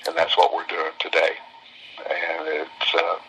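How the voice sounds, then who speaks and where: Man, folksy storyteller, deep, bright and forceful, repeats himself for emphasis. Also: completely flat delivery, measured pace, breathy edge, rough recording. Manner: homespun, repeats phrases for emphasis. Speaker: business owner speaking to visitors.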